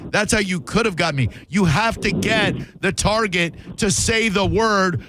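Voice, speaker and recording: A man hosts a call-in radio show, blunt and condescending, and he openly needles his callers. His voice sits a little high, and a faint hiss runs under it. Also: measured pace. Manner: brash, condescending and insulting. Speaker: radio host.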